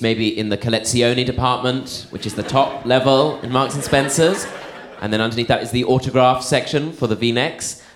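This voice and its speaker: A man's voice: medium pitch, fairly bright tone, roomy sound, slight background noise. A man performing stand-up, telling a playful, digressive story in a theatrical way. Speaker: stand-up comedian.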